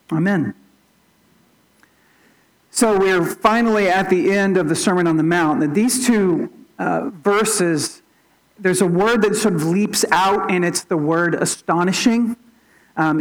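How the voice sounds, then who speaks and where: A pastor giving a sermon in an earnest teaching tone, often restarting and repeating small words. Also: poor audio. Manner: opens with a quiet, low spoken prayer.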